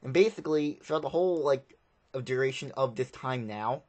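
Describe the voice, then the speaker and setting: Male film reviewer, mid-pitched voice, loose rambling delivery, casual and unscripted. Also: fairly quick, darkish tone. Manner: rambling, repeats himself, plain-spoken.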